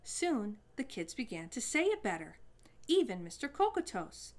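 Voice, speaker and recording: A woman reading a children's story aloud as storyteller, with an expressive delivery. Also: on the high side, moderate pace.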